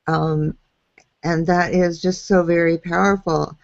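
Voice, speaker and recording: A woman's voice: on the low side, flat delivery, slow, gravelly, no room sound, highs cut off. A woman hosting a live video chat show, speaking in a thoughtful, encouraging way. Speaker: show host.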